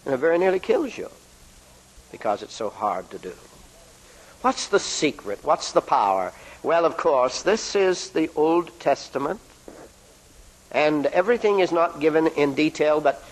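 A man's voice: mid-range voice, low-quality recording. Emphatic middle-aged male preacher. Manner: emphatic preaching with sudden pace shifts and slow drawn-out stresses. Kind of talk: sermon.

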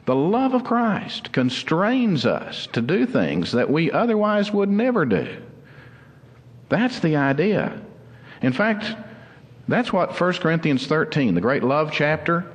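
A man preaching a sermon as pastor, earnest and explanatory, slowing down to stress key words. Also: medium pitch, long reverb tail. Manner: earnest, explanatory, slows down for emphasis.

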